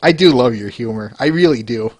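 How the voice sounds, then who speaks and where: Sex: man. Role: podcast host. Style: casual, enthusiastic chat. Pitch: medium, lively. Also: a little fast. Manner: enthusiastic, chatty, with fillers and laughs. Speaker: podcast host reviewing fan art.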